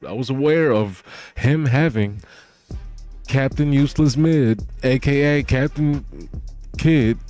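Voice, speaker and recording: A man with a low voice gives loose, casual reaction commentary, full of slang and swearing. Faint music plays under his talk. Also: mellow. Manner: slangy and profane, talks loosely. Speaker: manga reaction host.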